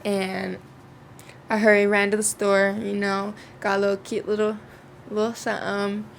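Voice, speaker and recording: Young woman vlogger, gravelly, salty and chatty, mid-range pitch. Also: completely flat delivery, normal speed, slight background noise. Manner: chatty, swearing freely, lots of fillers. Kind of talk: casual storytime.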